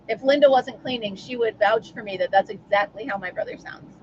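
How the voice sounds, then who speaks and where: A woman's voice: fairly high pitch, normal speed, muffled recording, slight background noise. A woman hosting a casual live stream from home, chatting and answering viewers by name. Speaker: livestream host.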